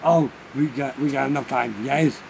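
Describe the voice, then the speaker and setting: A man co-hosting a casual karaoke podcast, joking around and trying out falsetto and inhale singing. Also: steady tone, moderate pace, creaky, noisy background.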